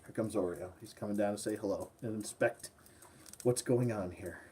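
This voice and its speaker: This toy collector and channel host speaks at normal speed in a lowish, mellow voice with a breathy edge. His casual show-and-tell vlog finds him rambling, chuckling, and being self-deprecating as he displays his figures.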